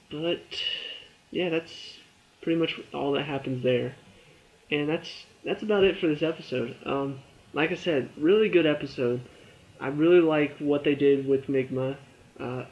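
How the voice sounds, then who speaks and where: A young man with a middle-pitched voice chats through a TV episode review. He rambles, tosses in fillers and acts out the characters' lines in quick asides. The recording sounds a little dull and lo-fi. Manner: chatty and rambling, full of fillers and quoted asides. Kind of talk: casual spoken review.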